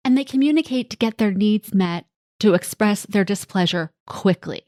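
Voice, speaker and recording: A woman's voice: mid-range voice, lively intonation, moderate pace, warm tone, no echo, clean studio sound. A woman hosting a parenting podcast, speaking as a coach in a reassuring, direct way and now and then acting out what kids and parents say. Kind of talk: solo podcast talk.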